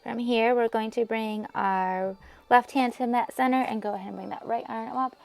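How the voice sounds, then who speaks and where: A woman leading a yoga class, giving calm, encouraging cues with soft breathy asides. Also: a little high, moderate pace, no room sound. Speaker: yoga instructor. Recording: music playing faintly behind.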